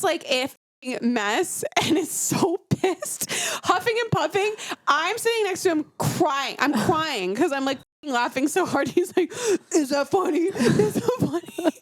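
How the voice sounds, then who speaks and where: A woman in her thirties co-hosting a podcast, telling animated stories in casual chat and laughing often. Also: very high voice, measured pace, no echo. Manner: animated storyteller, laughs a lot. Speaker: podcast co-host.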